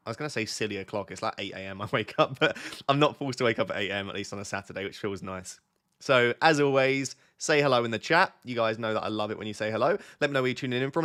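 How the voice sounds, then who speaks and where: A man's voice: mid-range voice, fairly bright tone. Chatty man hosting a live stream. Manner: chatty, easily sidetracked, reads out chat messages. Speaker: fantasy football streamer. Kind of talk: casual live-stream chat.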